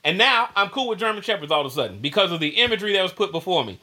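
A man's voice: high voice, racing. A man in casual conversation, talking animatedly and laughing often as he tells stories. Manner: animated, acts out quoted voices, laughs often. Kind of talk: casual chat.

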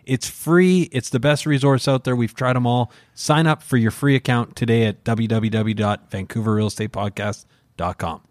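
A man co-hosting a podcast, joking and playful, with expressive intonation. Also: medium pitch, normal speed, dry recording. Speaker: podcast co-host. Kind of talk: casual chat.

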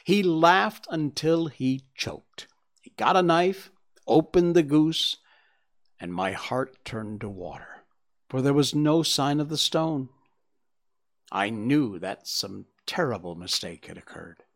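In an audiobook reading, a man with a medium-pitched voice plays a desperate, frightened character confessing how he stole. He speaks slowly with lively intonation, and his storytelling is anxious, agitated, and pleading.

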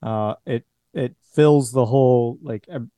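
A man's voice: medium pitch, a little slow, mellow, no echo. A man running a tabletop horror game as game master, narrating in a loose, chatty way.

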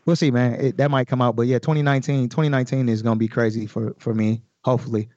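A man talking casually on a podcast about his own verses, loose and slangy with a fair bit of swearing. His voice is mid-pitched and dry, with no room sound. The recording is a bit dull and muffled. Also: fairly even intonation, fast talker, a little mellow, no echo. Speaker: guest rapper. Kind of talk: casual podcast chat explaining his lyrics.

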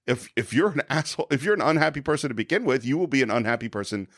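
A man's voice: medium pitch, animated, rapid-fire, dry recording, studio quality. A man co-hosting a casual film-discussion podcast, talking animatedly with many restarts and acted-out quotes. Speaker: podcast co-host.

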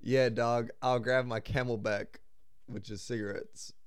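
A man's voice: medium pitch, steady tone, unhurried, clear, resonant tone, no room sound, studio quality. A young man hosting a casual podcast, reading out game cards and joking with friends. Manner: joking, reads cards aloud, laughs often. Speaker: podcast host. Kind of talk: casual chat over a card game.

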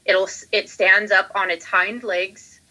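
Playful woman co-host with a bright, forceful tone, quick with jokey asides. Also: medium pitch, level tone, low-quality recording. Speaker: podcast co-host. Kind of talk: casual podcast chat.

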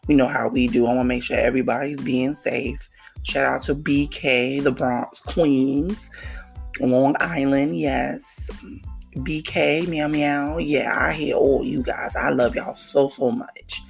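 A podcast host from New with a croaky, frog-like voice, talking in a hyped, slangy casual monologue full of shout-outs. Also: medium pitch, steady tone, measured pace, faint music behind. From New York City.

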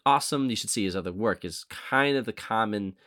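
A man's voice: fairly low pitch, fairly quick, fairly bright tone, dry recording, studio quality. A man hosting a podcast, chatting casually and rambling with frequent self-corrections. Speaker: podcast host. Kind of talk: casual chat.

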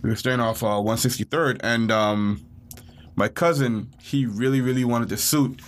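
A man co-hosting a podcast, telling a childhood story in a casual way and jumping into high, panicked yelps when he acts out his own part. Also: fairly even intonation, normal speed. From Bahamas. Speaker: podcast co-host.

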